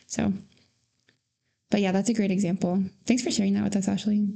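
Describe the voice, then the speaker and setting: A woman co-hosting a casual talk show, her voice dark and carrying a gravelly fry. She talks in loose, run-on phrases packed with "like" and "you know". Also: medium pitch, little pitch movement, fairly quick. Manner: filler-heavy, says "like" constantly. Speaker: podcast co-host and trainer. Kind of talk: casual chat.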